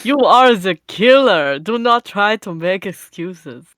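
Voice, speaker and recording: A woman voicing a gruff male sailor with a put-on Russian accent, reading game dialogue in menacing, clipped broken English. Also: medium pitch, expressive, takes it slowly, a bit bright, slight background noise. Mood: threatening.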